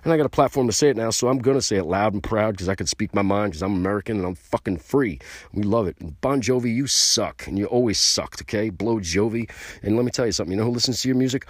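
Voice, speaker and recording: A man hosting a podcast, delivering a brash, boastful and profane rant that gets louder and higher when he is worked up. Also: quick pace, no room sound, clean studio sound. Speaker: podcast host. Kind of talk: ranting podcast monologue.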